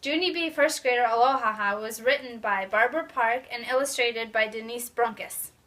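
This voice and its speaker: Young woman, student, book talk, cheerful, clear, higher voice. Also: normal speed, sharp tone. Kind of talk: read-aloud book talk.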